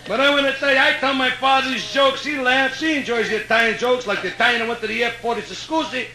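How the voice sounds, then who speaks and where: Middle-aged Brooklyn man, brash live stand-up comic, very high voice, echoey club with loud ambience. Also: fairly even intonation, slight background noise. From Brooklyn, New York. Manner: brash, rapid joke-telling with a streetwise tone. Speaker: stand-up comedian. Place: hotel nightclub stage.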